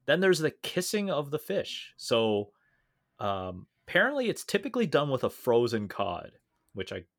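A man co-hosting a podcast in casual chat, talky and quick to laugh, with plenty of fillers and restarts. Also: mid-range voice, wildly swooping pitch, fairly bright tone. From Canada. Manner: chatty, laughs often, many fillers and restarts. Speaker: podcast co-host.

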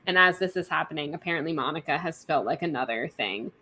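A woman's voice: low-pitched, expressive, quick pace, pushed and bright. Chatty woman retelling a novel. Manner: chatty, lots of "like" and quoted dialogue. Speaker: podcast co-host. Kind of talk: casual book-club chat, retelling a novel.

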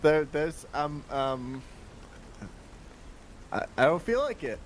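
A man playing a tabletop game, speaking in character with brash, taunting shouts. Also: on the high side, sing-song, takes it slowly, a little hiss or hum. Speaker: player. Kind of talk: in-character tabletop role-play.

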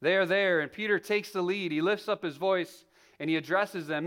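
A man's voice: high-pitched, moderate pace, a bit bright. A man preaching a sermon as pastor, talking conversationally and often restarting his sentences. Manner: conversational storytelling with many restarts.

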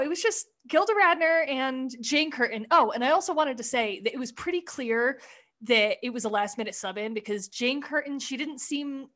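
A woman co-hosting a casual chat, retelling comedy sketches in a blunt, profane, animated way. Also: high-pitched. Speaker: podcast co-host.

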